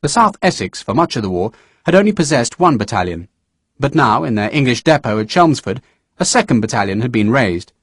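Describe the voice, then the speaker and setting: A man narrating a historical novel audiobook in a measured storytelling manner. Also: medium pitch, very animated, slightly rough, dry recording, studio quality. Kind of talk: scripted narration.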